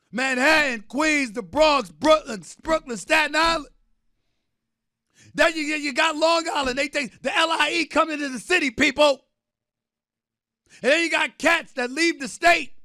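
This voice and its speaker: A man hosting a sports debate show, delivering a theatrical, emphatic rant, often shouting and repeating phrases for effect. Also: very high-pitched, dry recording, studio quality. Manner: drawn-out repetition for effect. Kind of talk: impassioned sports talk rant.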